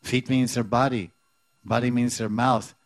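A man's voice: medium pitch, little pitch movement, measured pace, no echo. A man giving a devotional scripture class who repeats words and chants verses, then explains them. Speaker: spiritual teacher.

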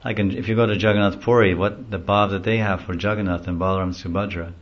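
A man's voice: low voice, steady tone, fast. A man giving a devotional lecture in a conversational, rambling storytelling way. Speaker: devotional class speaker. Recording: dull lo-fi recording.

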